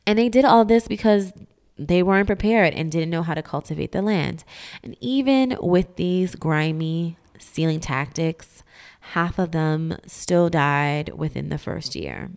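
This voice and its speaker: Woman w a low smooth voice, sarcastic, slangy, busting history myths casually. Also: measured pace, a little mellow. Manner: sarcastic, emphatic, slangy, drops into whispers for asides. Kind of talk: casual explainer video.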